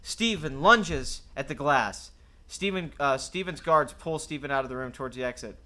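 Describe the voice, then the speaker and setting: A man's voice: medium pitch, moderate pace, pushed and bright. A man reading stage directions and dialogue aloud in a script read-through, narrating action. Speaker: script reader.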